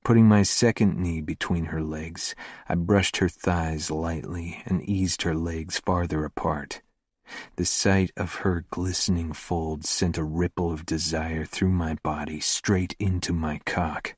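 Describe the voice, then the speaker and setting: A man narrating a first-person romance audiobook in a slow, hushed, intimate delivery. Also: low-pitched, steady tone, slightly rough, dry recording, clean studio sound.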